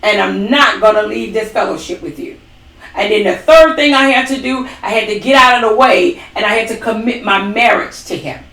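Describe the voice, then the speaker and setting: A woman's voice: mid-range voice, moderate pace, gravelly, a bit bright, recorded from a distance. A woman co-hosting a ministry talk, giving an emphatic testimony with dramatic quoted asides. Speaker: ministry co-host. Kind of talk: testimony-style faith talk. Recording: echoey room, away from the mic.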